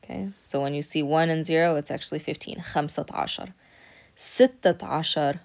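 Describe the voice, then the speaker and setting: Lady teacher walking through arabic numbers slow and patient, a bit low voice, keeps saying okay. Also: vocal fry, a little mellow. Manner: patient, explaining step by step with frequent "okay". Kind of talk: recorded classroom lesson.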